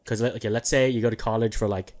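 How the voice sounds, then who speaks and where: A man's voice: lowish voice, fairly even intonation, racing, a little mellow. Rambling young male podcast host. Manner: rambling, laughs often, slangy. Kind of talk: casual podcast chat.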